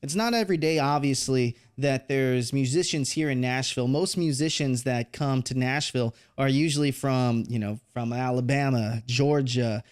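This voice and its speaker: A man's voice: medium pitch, normal speed, hardly any pauses, clear, resonant tone. A man hosting a podcast, asking long, rambling questions in a friendly, casual way. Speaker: podcast host. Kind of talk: casual interview.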